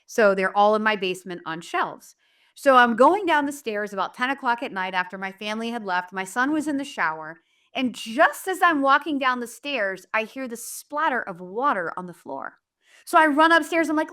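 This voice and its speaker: Speaking in a mid-range, fairly bright voice, a middle-aged woman from southern New Hampshire, a manifestation coach, relates a story in a relaxed, animated way. She uses plenty of fillers and performs the voices of the people she quotes.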